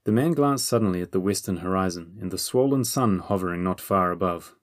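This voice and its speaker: A man reading a children's fantasy audiobook in a steady, measured way. His voice sits fairly low and the recording is dry and close, with no room sound. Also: no room sound. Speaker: audiobook narrator. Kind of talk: scripted narration.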